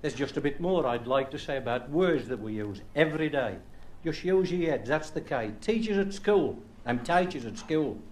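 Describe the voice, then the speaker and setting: A comedian from England's Black Country, speaking with that accent, recites rhyming dialect verse and tells anecdotes in a chatty stand-up style. His fairly high, darkish voice is expressive, at a normal speed with hardly any pauses.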